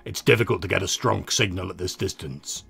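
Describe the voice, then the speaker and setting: A gruff, gravelly-edged fleet commander, played by a man who barks curt, formal orders over the comm channel, pitched low and a touch louder than the narration around him. Faint music runs underneath. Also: a little fast, full character voice. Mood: commanding.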